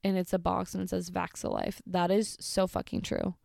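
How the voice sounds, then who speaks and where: A woman's voice: fairly low pitch, lively intonation, moderate pace, vocal fry, darkish tone, no echo, clean studio sound. A woman reading messages aloud and reacting with blunt, exasperated, sweary commentary in a casual vlog. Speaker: vlogger.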